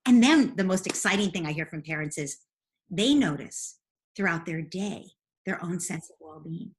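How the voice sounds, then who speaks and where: A woman's voice: lowish voice, animated, normal speed. A woman guest in an interview, earnestly explaining parenting advice step by step. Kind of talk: interview answers.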